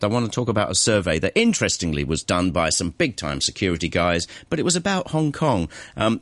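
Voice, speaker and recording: A man with a very low, deep voice hosts a casual radio chat from the studio. He talks loosely and doubts the figures he hears. The sound is dry and close to the mic. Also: no room sound. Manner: chatty, skeptical, interrupts. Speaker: radio show host. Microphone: studio microphone.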